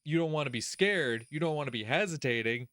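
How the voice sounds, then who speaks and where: A man hosting a let's play, giving casual gaming commentary in an animated, profane way, laughing often and talking straight to the character. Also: fairly high pitch, brisk, dry recording, studio quality.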